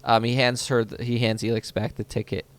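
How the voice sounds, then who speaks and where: A man's voice: mid-range voice, flat delivery, fairly quick. A man narrating as game master of a tabletop game, rambling along with many fillers.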